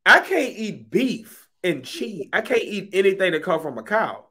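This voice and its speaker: A man co-hosting a podcast, talking in loud, profane, joking banter. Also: high voice, big pitch swings, normal speed, husky. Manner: loud, profane, jokey, exaggerating. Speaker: podcast co-host.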